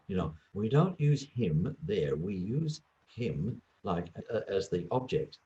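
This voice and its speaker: A man who works as an English teacher and former examiner, talking through teaching advice in a relaxed interview and acting out little classroom exchanges. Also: low voice, takes it slowly, highs cut off. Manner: lively, acts out little classroom dialogues. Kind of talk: conversational interview.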